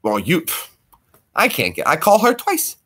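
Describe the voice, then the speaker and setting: A man hosts a casual live stream from home, talking to his viewers in a loose, chatty way and laughing readily. His voice is bright and forceful. It rises and falls a great deal as he talks. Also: a little high, wildly swooping pitch, measured pace, husky.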